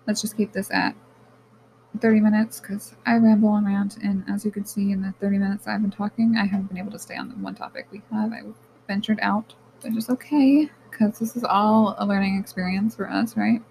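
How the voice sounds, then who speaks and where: A woman's voice: medium pitch, steady tone, fairly quick, vocal fry, darkish tone, slight background noise, low-quality recording. A woman hosting her own podcast, talking candidly and rambling, swearing freely and addressing listeners as guys, close to tears. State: near tears. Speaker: podcast host. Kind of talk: personal podcast monologue.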